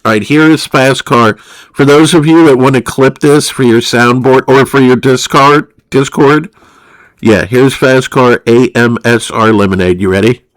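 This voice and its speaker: Male livestreamer, profane, rambling, unhurried delivery, mid-range voice. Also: mid-range voice. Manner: profane, rambling, laughs at himself. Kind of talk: crude casual stream chatter.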